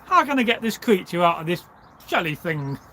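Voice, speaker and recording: A man's voice: sits high, very animated, fairly quick, pushed and bright, a little hiss or hum, exaggerated voice. A man voicing a hungry, frustrated male fox in a spoken folk tale, musing and puzzled.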